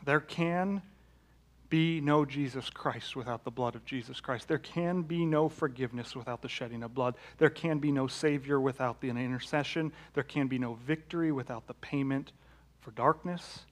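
A man preaching a sermon in a conversational way, with rhetorical questions, that rises to loud emphatic peaks and drops to hushed, low lines. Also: normal speed. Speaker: pastor.

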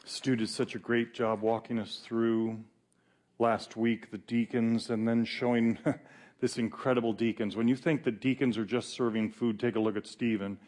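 A male pastor preaching a sermon in a conversational, animated way with fillers and pauses. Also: mid-range voice.

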